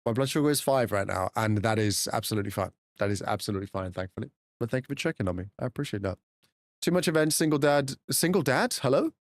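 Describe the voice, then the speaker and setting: A man's voice: mid-range voice, dry recording, clean studio sound. A man in casual, teasing chat with his live viewers as a game streamer, swearing freely.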